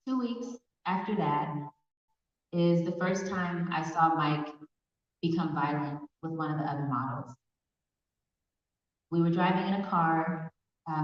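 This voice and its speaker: A woman from Pasadena, California, giving personal testimony as a survivor speaker in a large hall, telling her story earnestly with hesitant pauses. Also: on the low side. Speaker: survivor speaker at an awareness event. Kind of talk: personal testimony in a public talk. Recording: echoey hall from far off, dull sound.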